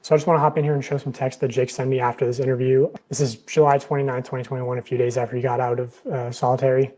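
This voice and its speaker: A man narrating a video in voice-over, reading text messages aloud in a steady, matter-of-fact way. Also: medium pitch, fast talker, poor audio.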